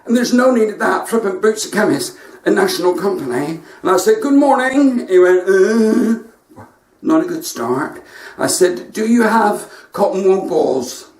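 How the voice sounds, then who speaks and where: A male comedian with a West Country accent fires off one-liners and chats to his online viewers. His voice sits a little high, and it comes from some way back from the mic. The room around him echoes. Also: expressive, unhurried, darkish tone, distant mic. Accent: West Country English. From West Country, England. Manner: cheeky joke-telling with asides to viewers. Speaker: stand-up comedian. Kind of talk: stand-up comedy livestream.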